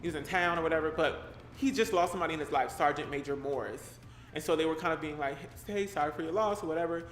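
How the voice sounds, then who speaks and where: A man's voice: fairly high pitch, fast talker. A young man streaming live, reading a horror story aloud and breaking off to joke with viewers in loose, slangy chat. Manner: animated, slangy and joking, breaks off to react to chat. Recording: roomy echo with faint background noise.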